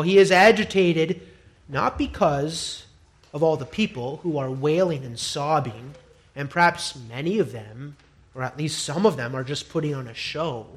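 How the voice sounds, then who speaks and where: A male pastor preaching a sermon, emphatic and repetitive, dropping to a hush and rising to loud declarations. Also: medium pitch, unhurried. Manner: emphatic, swings from hushed to loud; repeats phrases for emphasis.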